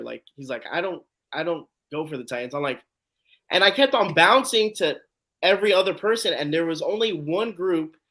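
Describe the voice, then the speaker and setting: Bright-voiced man telling a story. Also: on the high side. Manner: animated storyteller acting out quotes. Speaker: host. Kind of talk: casual storytelling on a live call.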